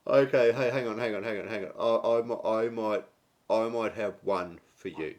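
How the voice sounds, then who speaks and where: Teasing Australian man with frequent laughs. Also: lowish voice. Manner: teasing, laughs often, quick banter. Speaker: podcast co-host. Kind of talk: joking radio chat.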